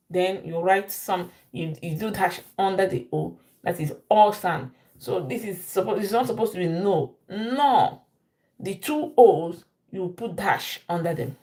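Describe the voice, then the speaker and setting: Slow-paced woman teaching. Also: medium pitch, a little mellow. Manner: repeats phrases slowly for learners. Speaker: language teacher. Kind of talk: slow live-stream language lesson.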